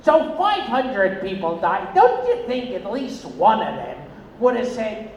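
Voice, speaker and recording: A man performing a stand-up comedy set on a casino stage, with shrill, abrupt outbursts and deadpan asides. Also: a little slow. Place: casino stage, live audience. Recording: echoey, noisy audience bootleg.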